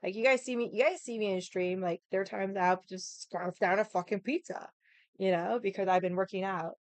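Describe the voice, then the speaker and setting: A young woman chatting to her stream viewers in a loose, unfiltered way, with plenty of filler words and casual swearing. Her voice is smooth and clear, at a middle pitch. It is close to the mic and dry, with no room sound. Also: fairly even intonation, fairly quick, no room sound. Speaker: livestream host. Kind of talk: casual chat.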